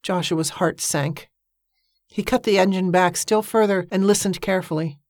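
Woman reading a novel aloud, lowish voice, dry close sound, steady pace. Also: normal speed, no room sound. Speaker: audiobook narrator. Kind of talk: scripted narration.

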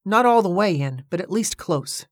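A woman narrating an audiobook in a steady, measured storytelling manner, recorded on a close microphone. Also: fairly low pitch, no room sound.

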